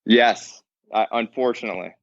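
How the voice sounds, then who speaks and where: A man's voice: fairly low pitch, moderate pace, no room sound. A man talking as an interview guest in casual chat, blunt and profane, laughing often. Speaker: podcast guest. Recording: dry, dull lo-fi sound.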